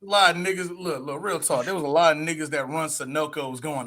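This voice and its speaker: A man co-hosting a podcast, talking in a high, bright, cutting voice. He rants in loose, profane casual chat and often breaks into laughter. The energy stays animated throughout. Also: fast, few pauses, a little hiss or hum. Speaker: podcast co-host. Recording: audio podcast.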